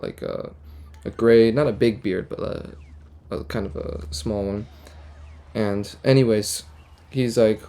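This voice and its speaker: A young man casually telling a rambling, deadpan, absurd story full of fillers and restarts. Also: medium pitch. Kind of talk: casual storytime while gaming.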